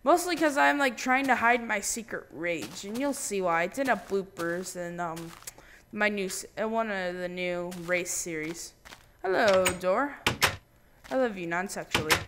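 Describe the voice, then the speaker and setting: Man, high voice, swooping lively pitch, jokey random gaming commentary, excitable. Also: a little slow, a little hiss or hum. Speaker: gaming channel host. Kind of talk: casual let's play commentary.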